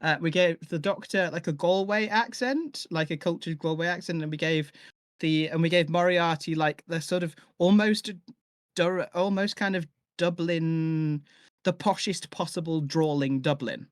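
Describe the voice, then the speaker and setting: A man chatting casually on a live stream, his voice sitting a little high. He talks hesitantly, full of fillers and restarts, and the sound is dry and close with no room around it. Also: normal speed, no room sound. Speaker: audio drama maker.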